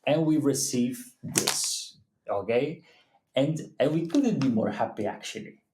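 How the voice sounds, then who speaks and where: A man co-hosting a casual livestream, talking in halting, non-native phrasing and restarting his sentences often. His voice sits in a middle register, and the room gives it a noticeable echo. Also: medium pitch, expressive, noisy background. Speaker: co-host of a livestream. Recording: echoey room.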